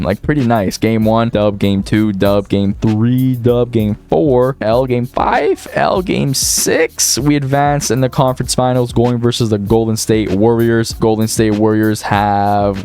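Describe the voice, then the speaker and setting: A young man giving casual, excitable commentary over a basketball video game, swinging between gloomy muttering and high-pitched shouts. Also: clear, resonant tone. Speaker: gaming YouTuber.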